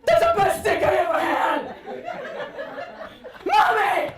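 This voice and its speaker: A furious little boy of five wails and begs at the top of his lungs, put on by a woman telling the story. The voice leaps high and swoops all over as he pleads. It is pure melodrama. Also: big pitch swings, takes it slowly, echoey room, a faint crowd, exaggerated voice. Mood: wailing.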